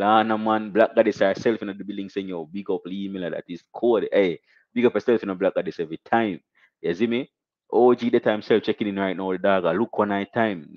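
A young Jamaican man hosting a casual live stream, shouting out viewers and reading donations with animated, repetitive catchphrases. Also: on the low side, no room sound, highs cut off.

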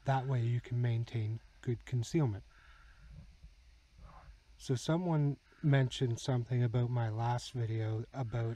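A man hosting his own channel, giving calm instructional voice-over commentary on game footage and chuckling now and then. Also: medium pitch, slight background noise, rough recording. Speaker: channel host.

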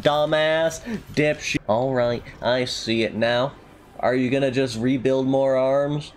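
A man giving let's play commentary, jokey and excitable, swearing and yelping at the game. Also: medium pitch, normal speed, a little hiss or hum. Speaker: gamer.

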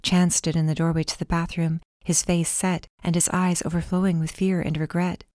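A woman narrating a first-person audiobook in a calm, measured way. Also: fairly low pitch, no echo, clean studio sound.

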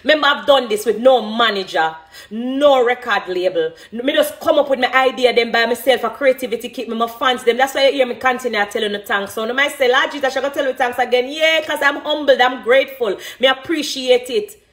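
Jamaican lady artist talking in an interview, fired up and emphatic, highish voice. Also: fairly quick, fairly bright tone. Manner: passionate, emphatic. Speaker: dancehall artist. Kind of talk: emotional interview talk.

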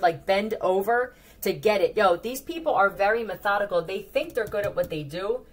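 A woman with a Philadelphia accent giving a casual tarot reading, blunt and profane, with animated warnings to her viewers. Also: medium pitch, normal speed. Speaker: tarot reader.

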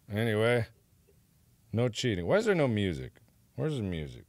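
A young man live-streaming, giving gameplay commentary while getting exasperated, swearing and breaking into loud outbursts. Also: on the low side, sing-song, moderate pace, pauses often, dry recording, studio quality.

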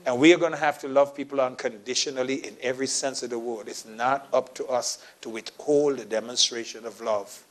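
A man pastor preaching a sermon in church, telling a personal story and acting out the dialogue, swinging from quiet asides to loud emphatic preaching. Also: mid-range voice, fairly even intonation, a little fast, hardly any pauses. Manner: storytelling, acting out his own quoted dialogue; laughs at his own story.

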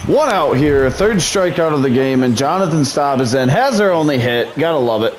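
A gaming YouTuber with a fairly high-pitched, expressive voice narrates his own video game at a moderate pace like a mock sports broadcaster. Between calls he slips into muttered frustration.

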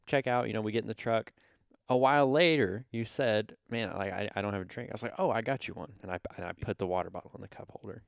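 Animated young man cutting in on a story. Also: on the low side, fast, gravelly, dry recording, clean studio sound. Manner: animated, jumps in to correct, mock-yells quotes. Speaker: podcast co-host. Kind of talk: casual storytelling chat.

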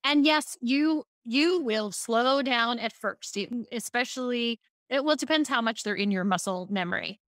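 A woman's voice: on the high side, normal speed, no echo, studio quality. A woman from Baltimore, a speaking coach, telling stories in a casual podcast interview and acting out quotes. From Baltimore, USA. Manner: animated storytelling, acts out quotes.

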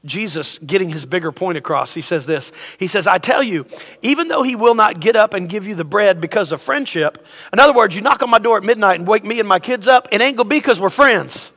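A high-pitched, bright-voiced man preaches to his congregation, animated and acting out the characters he quotes. His voice rings with a long reverb through a church sanctuary. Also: fairly quick. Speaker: pastor. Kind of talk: sermon.

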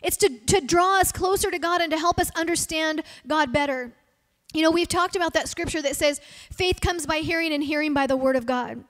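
A woman's voice: sits high, a little fast, hardly any pauses. A woman pastor preaching at a church service, earnestly acting out heartfelt prayers as she speaks. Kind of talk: sermon.

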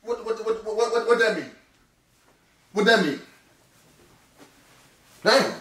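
Man, loud profane rant, roomy echo, distant mic. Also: high-pitched, lively intonation, slow pace, heavy background noise. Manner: loud, profane, repeats himself. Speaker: husband in a prank vlog. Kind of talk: angry ranting argument. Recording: echoey room, mic from a distance.

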